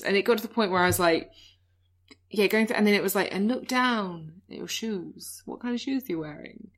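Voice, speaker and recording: Woman on a comedy podcast, rambling storyteller, laughs at herself, mid-pitched. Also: brisk, a bit bright. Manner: chatty, self-mocking, bursts into silly voices. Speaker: podcast co-host. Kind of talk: casual comedic chat.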